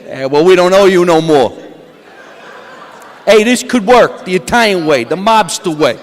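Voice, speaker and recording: A man's voice: high voice, animated, moderate pace. A male comedian doing an impression of a tough Italian-American movie mobster, with a menacing, muttered delivery, heard in an echoey hall. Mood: threatening. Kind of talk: stand-up impression.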